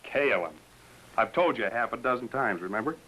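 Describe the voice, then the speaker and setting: A man's voice: mid-range voice, lively intonation, fairly quick, pushed and bright, a little hiss or hum, rough recording. An actor playing a joking, teasing American businessman-adventurer, in 1950s TV drama style.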